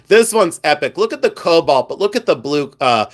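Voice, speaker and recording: A man's voice: a little high, sing-song, moderate pace, hardly any pauses. A man hosting a live stream, chatting casually, joking and reading viewer comments aloud. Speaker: live stream host reselling buttons.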